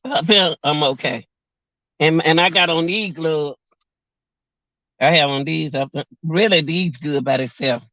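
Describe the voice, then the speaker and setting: A woman's voice: deep voice, measured pace, pauses often, a bit bright, dry recording, muffled recording. A woman of about forty chatting on her vlog, laughing often and joking, outdoors by a car on a cold windy day. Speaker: vlog host. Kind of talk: casual livestream chat.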